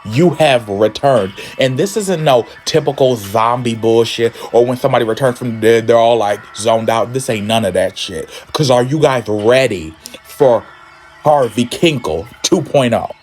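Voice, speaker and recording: A man's voice: medium pitch, normal speed, a little mellow, soft background music. Campy, sassy man telling a story. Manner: campy, sassy asides, swearing. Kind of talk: casual comic book story summary.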